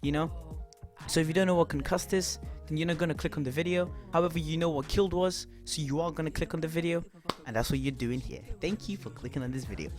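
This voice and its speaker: A young man telling a rambling, animated story to camera, swearing often. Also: fairly high pitch, quick pace, soft background music. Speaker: vlogger.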